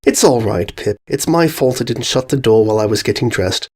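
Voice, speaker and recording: A woman voicing a kind, gentle adult pony princess who speaks softly and warmly. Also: very deep voice, animated, brisk, husky, full character voice. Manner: warm, conspiratorial.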